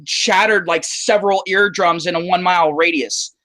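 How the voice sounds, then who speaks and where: A man's voice: high-pitched, steady tone, moderate pace, pushed and bright. A man from the southern United States hosting a casual livestream chat over a call, joking and profane, with lots of stammered restarts. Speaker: YouTuber. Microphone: call microphone.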